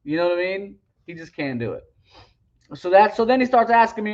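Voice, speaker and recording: A man with a high-pitched voice delivers heated, rambling commentary, pressing his argument hard. He keeps halting on fillers and starting sentences over. The recording sounds dull and lo-fi. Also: lively intonation. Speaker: online religious commentator.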